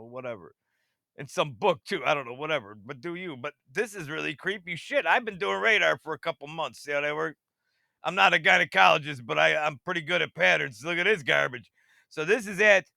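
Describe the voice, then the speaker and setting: A man rambling excitedly through screen-share commentary and talking straight to his viewers, who keeps asking if they see how it works. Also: a little high, creaky, no echo, studio quality. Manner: talks to viewers directly, half-mocking. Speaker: radar-watching channel host.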